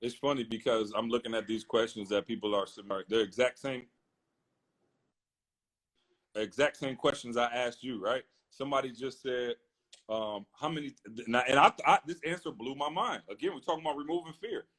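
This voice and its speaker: A man's voice: mid-range voice, fairly quick, fairly bright tone. A man hosting a casual live-stream chat, hyped and promotional, acting out viewers' questions. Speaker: host. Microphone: phone on a live stream.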